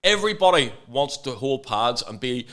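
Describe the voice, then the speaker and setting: A man's voice: mid-range voice, lively intonation, normal speed, a bit bright. A Northern Irish man co-hosting a podcast from a tattoo studio, rambling and swearing, often restarting and repeating himself. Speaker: podcast co-host. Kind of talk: casual podcast banter.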